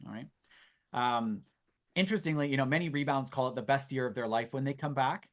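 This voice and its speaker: A man's voice: medium pitch, fairly quick. A man in his thirties presenting an online info session in a chatty, storytelling way with asides, heard over a video call. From Canada. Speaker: youth exchange presenter.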